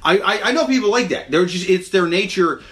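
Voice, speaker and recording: A man co-hosting a comedy podcast in casual chat, animated and quick to act out voices in quotes, from the Midwest. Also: high voice.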